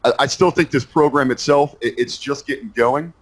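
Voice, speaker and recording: Male guest, mid-pitch, hesitant and rambling, casual talk. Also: moderate pace, poor audio. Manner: hesitant, rambling, many fillers. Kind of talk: casual wrestling chat.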